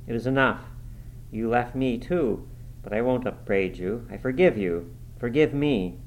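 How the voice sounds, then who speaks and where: A man's voice: unhurried, slight background noise, close to an everyday voice, low-quality recording. A man reading aloud, voicing a desperate, dying young woman in a pleading, breaking voice. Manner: pleading, breaking, high-strung.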